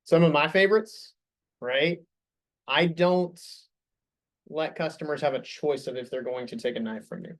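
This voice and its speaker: A man's voice: a little high, normal speed, a bit bright. A young man leading a sales staff meeting, coaching the group with upbeat questions.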